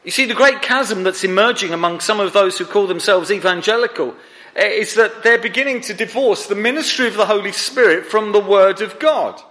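A man's voice: sits high, fairly quick, bright, forceful tone, in a large hall. A man preaching a sermon to his church, earnest and pressing the listeners with direct questions.

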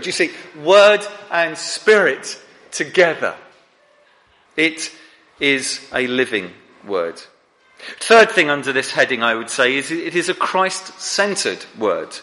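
A man's voice: sits high, pushed and bright, long reverb tail. A man preaching a sermon to his church, earnest and pressing the listeners with direct questions.

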